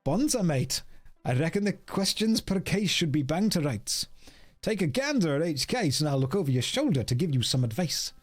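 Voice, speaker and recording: A man's voice: on the high side, sing-song, normal speed, soft background music. A man voicing a chatty male museum worker in a put-on Australian accent, breezy and slangy.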